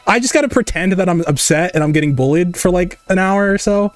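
A man's voice: sits high, brisk, dry recording, faint music behind. A young man streaming as a digital artist, chatting casually and profanely, reading his chat aloud and firing jokes back.

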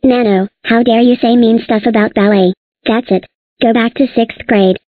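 Cast a female text-to-speech voice as a prim cartoon ballet teacher, higher voice, dry, tinny. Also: steady tone, moderate pace, dry recording, close to an everyday voice. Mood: scolding. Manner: bossy, scolding. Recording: tinny phone-like sound.

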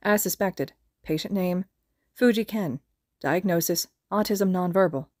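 A woman's voice: lowish voice, measured pace, no echo, clean studio sound. A woman reading fan fiction aloud, narrating steadily as a podfic reader. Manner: steady, plain storytelling.

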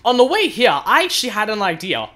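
A young man giving excited commentary on his own gameplay, often exclaiming and shouting as things happen. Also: high voice, fast talker, soft background music. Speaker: gaming video host.

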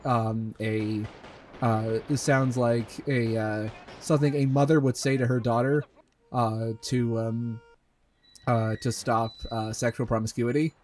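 A man's voice: medium pitch, fairly even intonation, darkish tone. English man reading aloud, laughing. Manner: breaks into laughter, halting asides full of fillers. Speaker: host reading a fanfic aloud. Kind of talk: comedic dramatic reading with commentary.

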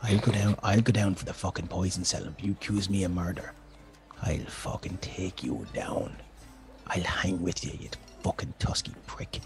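A frantic woman poison seller in a tabletop game, her voice climbing high and swinging all over as she pleads and swears. She turns on a low, profane snarl when she feels cornered. Faint music plays under her. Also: sing-song, a little fast. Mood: hissed threat.

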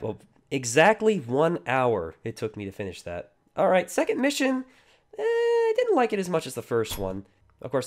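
A man giving casual, sarcastic gameplay commentary with jokey asides. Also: medium pitch. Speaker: gaming YouTuber.

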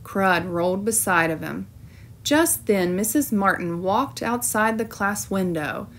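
A woman teacher reading a storybook aloud with clear, expressive narration. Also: medium pitch, unhurried.

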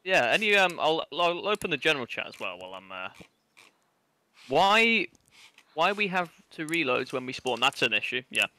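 A man organizing a game event over voice chat, relaxed and joking. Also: fairly high pitch, normal speed.

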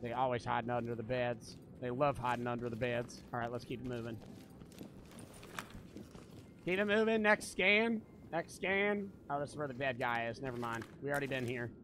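A man's voice: medium pitch, little pitch movement, quick pace, few pauses, slight background noise. A young man streaming a tactical shooter, chatting and joking with a lot of swearing. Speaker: gaming streamer. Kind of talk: live gameplay commentary.

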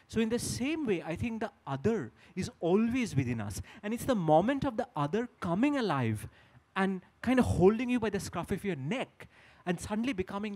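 Man, Indian English accent, novelist, articulate, philosophical, high-pitched. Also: a little mellow. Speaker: novelist on a festival panel. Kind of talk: reflective literary discussion.

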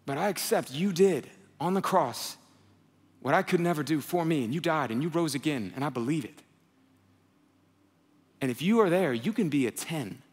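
A young adult pastor with a fairly high, slightly rough, animated voice speaks at normal speed but leaves long pauses. His conversational sermon acts out quotes and mounts to impassioned near-shouting, heard through long hall reverb over soft music.

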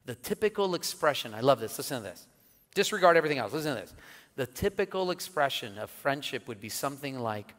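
A middle-aged male pastor preaching a sermon, telling funny family stories with lively, laughing delivery. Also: mid-range voice, fairly quick. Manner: animated storytelling with jokes and laughter. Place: church sanctuary. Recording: church hall with long reverb.

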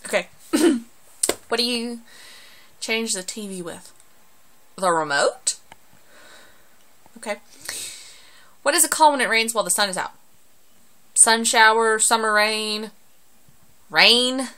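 A woman's voice: fairly high pitch, slow pace, pauses often. A young woman with a Southern US accent, chatting and joking through an accent-challenge vlog into a phone. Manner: chatty, joking, animated outbursts. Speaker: vlogger.

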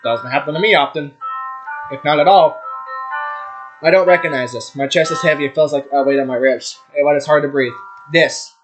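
A young man reading a visual novel aloud, stumbling over names and swearing at his own slips. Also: on the high side. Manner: reads fast, stumbles on names, swears and laughs at himself. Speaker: gaming YouTuber. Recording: game music behind the voice. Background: background music.

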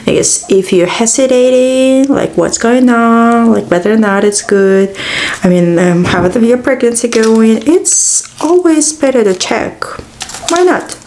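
A woman's voice: mid-range voice, darkish tone. A tired woman in her thirties chatting casually to camera, rambling with sighs and exclamations. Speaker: vlogger.

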